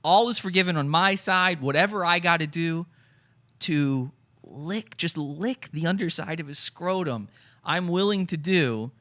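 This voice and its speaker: Bright-voiced sarcastic male stream host. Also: a little high, measured pace. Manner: sarcastic, mock-sincere, deadpan. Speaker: podcast host reading super chats. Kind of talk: sarcastic comedic livestream chat.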